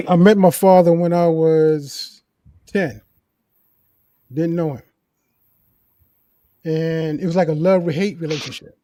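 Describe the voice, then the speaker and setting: A man's voice: fairly high pitch, takes it slowly, pauses often, mellow, dry recording. A man on a talk show telling a personal story in an earnest, emphatic way, often repeating key phrases. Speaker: co-host sharing a personal story. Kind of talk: casual conversation, storytelling.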